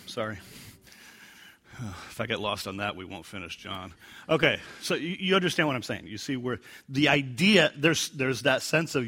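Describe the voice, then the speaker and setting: Bright-voiced, joking male Bible teacher. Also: mid-range voice, normal speed, husky. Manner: jokey, with asides about his own gags; acts out quotes in lively put-on voices.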